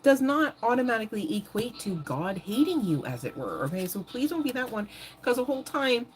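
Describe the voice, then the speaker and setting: A woman giving a live tarot reading in a casual, animated way, swearing freely and laughing often. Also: fairly high pitch, a little fast. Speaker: tarot reader.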